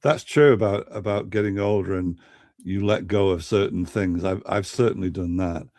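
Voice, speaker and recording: Older Mancunian man, calm and reflective, lower register, dry close mic. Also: moderate pace, no echo. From Manchester, England. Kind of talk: casual chat.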